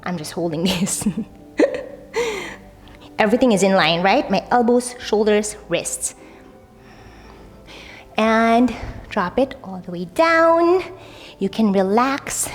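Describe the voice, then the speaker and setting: Speaking slowly and pausing often, a young yoga instructor uses a medium-pitched, animated voice. She leads the guided class in a relaxed, upbeat manner, frequently tossing in "like" and "right?"; long reverb and faint music fill the recording.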